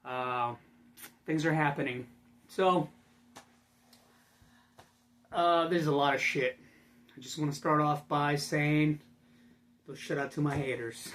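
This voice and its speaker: A man's voice: mid-range voice, fairly bright tone, slight background noise. A young man rambling in a casual vlog, profane and full of fillers. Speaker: vlogger.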